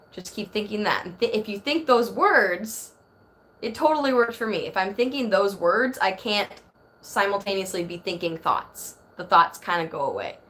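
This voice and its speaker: With a lively, fairly bright mid-range voice at normal speed, the woman chats casually on a phone live stream. She's in her thirties, rambles freely, and reads viewer comments out loud.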